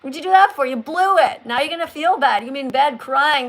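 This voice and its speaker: High-voiced teasing woman in her sixties. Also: lively intonation, fast talker, a bit bright. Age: 60s. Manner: teasing, chatty, reads viewer comments aloud. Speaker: livestream host. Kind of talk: casual livestream chat.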